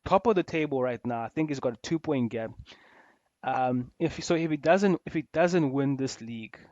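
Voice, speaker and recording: A man co-hosting a casual football podcast, animated, laughing often and repeating himself. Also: medium pitch, moderate pace, dry recording, dull audio. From South Africa. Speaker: podcast co-host.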